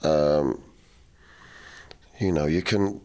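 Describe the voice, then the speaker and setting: A man's voice: extremely low pitch, extremely slow, warm tone. A man, a musician guest telling wry, laughing anecdotes in an interview. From English Midlands. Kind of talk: storytelling interview chat.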